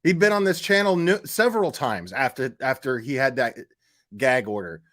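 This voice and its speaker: A man's voice: medium pitch, lively intonation, normal speed, a bit bright. A man hosting a casual commentary stream, talking bluntly with lots of fillers, restarts and swearing, sounding exasperated. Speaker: YouTube commentary host.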